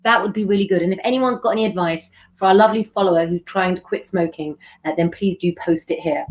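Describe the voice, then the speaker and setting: A woman's voice: fairly low pitch, fast. A middle-aged woman hosting a live stream, chatting affectionately with viewers and giving tarot readings.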